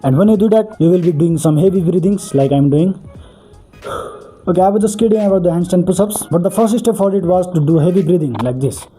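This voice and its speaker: A man's voice: high voice, animated, fairly quick, warm tone, faint music behind. A man hosting a beatbox tutorial, explaining each step earnestly and repeating "really, really" for emphasis.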